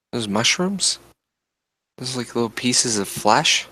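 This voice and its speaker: A man's voice: mid-range voice, lively intonation, unhurried, pushed and bright, slightly rough. A man hosting a casual livestream, rambling and fidgety, talking to chat in a self-described eccentric way. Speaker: livestream host. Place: indoors at home with plants.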